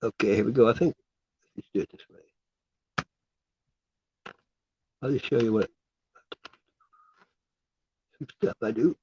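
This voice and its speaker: A man's voice: medium pitch, slow, pauses often, a little mellow, slightly rough, dull audio. A man vlogging in a casual, rambling, incredulous way. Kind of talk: casual chat.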